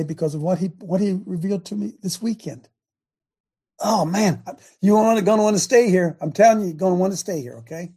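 A man with a gravelly, husky voice hosts an online faith show, preaching in a loose, conversational way. He keeps asking his viewers direct questions and often trips over and restarts his words. His tone is dark and mellow. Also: a little high. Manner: animated, talks straight to viewers with repeated questions. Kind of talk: casual preaching to a live online audience.

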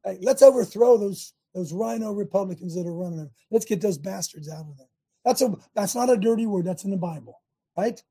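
Older male host, rallying tone, preachy, dark timbre, husky. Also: high voice, fairly quick. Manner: preachy, rallying, rambling with restarts. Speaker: talk show host. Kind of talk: fiery talk show monologue.

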